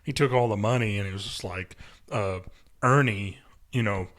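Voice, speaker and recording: A man's voice: fairly low pitch, moderate pace, fairly bright tone. Rambling man in casual chat. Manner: rambling, acts out quotes in put-on voices, laughs often. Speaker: podcast host.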